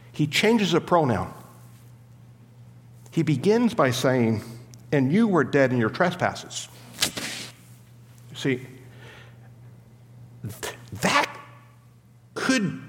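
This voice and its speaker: A man's voice: on the high side, in a large hall. A man preaching an expository sermon as a pastor, teaching in an emphatic way and stopping to explain the grammar of the Greek text.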